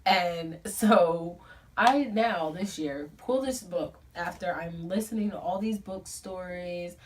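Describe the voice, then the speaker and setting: Chatty young woman, slightly low voice. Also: slow pace. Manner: chatty and profane, with lots of "like" and "um". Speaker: book club vlogger. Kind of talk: casual storytelling to camera. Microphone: camera filming herself. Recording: a bit distant from the mic, faint room noise.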